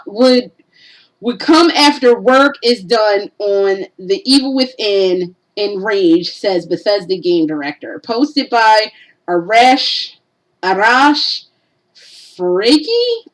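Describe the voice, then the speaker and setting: A woman vlogger ranting in a blunt, profane, animated way. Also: mid-range voice, low-quality recording. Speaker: gaming vlogger. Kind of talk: casual rant.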